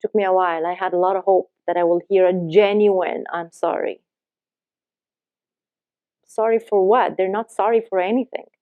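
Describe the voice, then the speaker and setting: A woman's voice: mid-range voice, flat delivery, a little fast, few pauses, no echo, phone-quality sound. A woman life coach giving earnest, emphatic advice to camera, acting out the lines people say.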